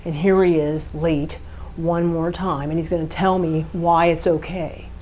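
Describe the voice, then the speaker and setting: With a low, unhurried voice, this podcast co-host talks through how partners communicate, tossing in rhetorical questions and animatedly voicing quoted partners louder than her usual tone. A little hiss or hum runs under the rough recording.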